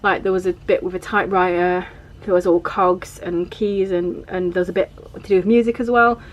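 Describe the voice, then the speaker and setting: A woman's voice: lowish voice, steady tone, brisk. A woman vlogger chatting casually through her journal pages, rambling and peppering her talk with fillers. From England.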